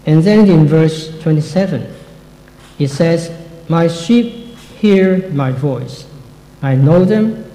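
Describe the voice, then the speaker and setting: A man explaining a Bible passage in a slow, reflective way, his voice mellow and a bit high. The recording is echoey, with a long reverb tail. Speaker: Bible teacher.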